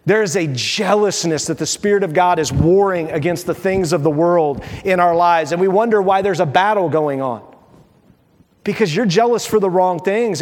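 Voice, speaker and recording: A man preaching a sermon as pastor, animated and playful, acting out little dialogues. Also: sits high. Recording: long hall reverb.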